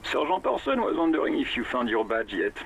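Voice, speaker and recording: Rattly old radio operator. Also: male voice, mid-range voice, big pitch swings, brisk, creaky, fairly bright tone, slight background noise, rough recording. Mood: dry. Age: older. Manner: formal radio codes, signing off each line. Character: scrawny old male radio switchboard operator. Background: game music.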